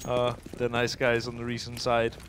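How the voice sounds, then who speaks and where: A man's voice: medium pitch, completely flat delivery, normal speed, slight background noise. Chatty man commenting a live esports match. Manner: chatty, laughs easily, thinks aloud mid-sentence.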